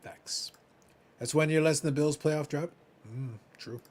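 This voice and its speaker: A Canadian man co-hosting a casual live stream, reading chat messages aloud with teasing sarcasm, sometimes muttering and sometimes shouting. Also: on the high side, fairly even intonation, measured pace. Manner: sarcastic, teasing, dramatic swings between mutters and loud outbursts.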